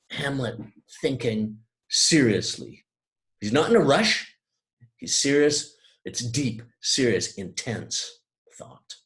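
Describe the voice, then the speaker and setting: Guy teaching poetry, voice goes way up and down, slows right down to read verse. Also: medium pitch. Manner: thoughtful, reads quoted verse slowly and gravely. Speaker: lecturer. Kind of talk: lecture on poetry.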